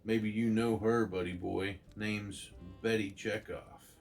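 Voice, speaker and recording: A man voicing a gruff, suspicious middle-aged police chief from a comic, brusque and blunt. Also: on the low side, flat delivery, slow pace, faint music behind.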